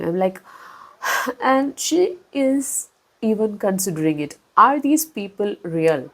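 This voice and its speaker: A woman talking straight to her viewers in a casual book-review vlog. Her pitch sits in a middle range, and her delivery is chatty and expressive. It jumps up and down in pitch and loudness and is full of fillers and restarts. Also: takes it slowly, breathy edge, rough recording.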